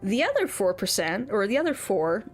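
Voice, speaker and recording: A woman's voice: medium pitch, sing-song, moderate pace, faint music behind. A woman streaming a game while chatting casually, ranting, swearing and laughing often, and under the weather. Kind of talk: casual chat while gaming.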